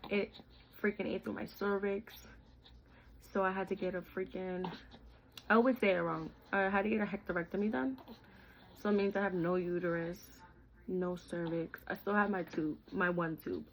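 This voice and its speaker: A young woman tells her story straight to her viewers in a vlog. Her voice sits at an ordinary middle pitch, and she speaks in a candid, heartfelt, chatty way. A faint hiss sits under the recording. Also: steady tone, moderate pace, rough recording. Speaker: vlogger.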